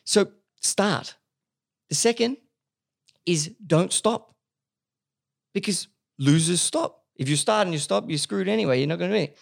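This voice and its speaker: A man's voice: high-pitched, expressive, unhurried, gravelly, long pauses. A man hosting a podcast, telling stories animatedly, swearing freely and restarting sentences. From Australia. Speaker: podcast host. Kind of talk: casual podcast chat.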